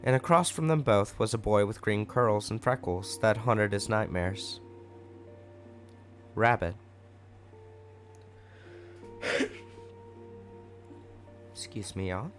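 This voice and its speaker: A man's voice: on the low side, slow, pauses often, soft background music. A man narrating a fanfic story aloud in a casual way with wry asides.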